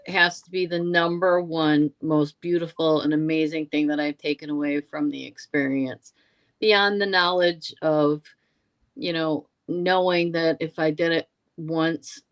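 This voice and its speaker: A woman's voice: sits low, level tone, a little slow. A woman, a former reality show contestant, sharing her reflections thoughtfully with some hesitations. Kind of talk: sharing reflections in a group talk.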